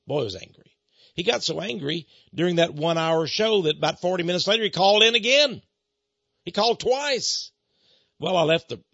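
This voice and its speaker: A middle-aged man giving an animated, emphatic storytelling lecture with dramatic pauses. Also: a little high, creaky, husky, no echo. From Austin, Texas. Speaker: speaker on Freemasonry. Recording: dull, dry lo-fi recording.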